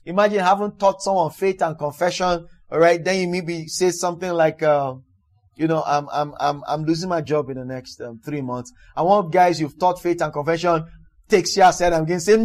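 A man delivers a sermon, moving between reading scripture and explaining it. His voice sits on the higher side for a man. He presses his points hard, repeats words, and builds to loud exclamations. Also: a little fast. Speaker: preacher.

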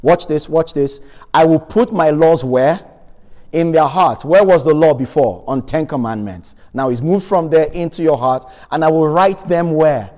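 A man's voice: a little high, normal speed, darkish tone, long reverb tail. A man preaching a sermon, reading Bible verses and asking the congregation questions with emphasis.

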